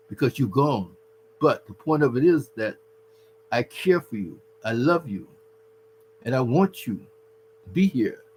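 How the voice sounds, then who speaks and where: Guy giving marriage advice, kinda high voice, preachy and earnest, faint hum behind. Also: poor audio. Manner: earnest, preachy, addresses listener as brother. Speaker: advice speaker to husbands. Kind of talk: casual advice talk.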